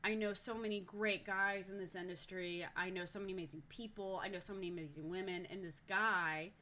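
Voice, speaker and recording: A young woman live-streaming, telling a story in a casual, animated way, swearing often and restarting sentences. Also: medium pitch, fairly quick. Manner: animated, profane, lots of fillers and restarts.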